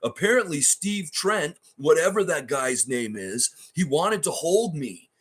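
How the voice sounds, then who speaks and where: A man's voice: a little high, very animated, a little slow, a bit bright, slightly rough. Profane, heated male sports ranter. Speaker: fan livestream host. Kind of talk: ranting fan reaction livestream.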